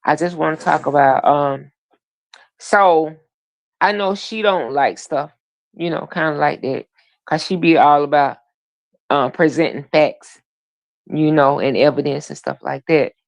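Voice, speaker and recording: Slow, outspoken woman host. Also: sits low, creaky, dry recording. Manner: unfiltered, outspoken, slow and deliberate. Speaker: livestream co-host. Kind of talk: casual live chat.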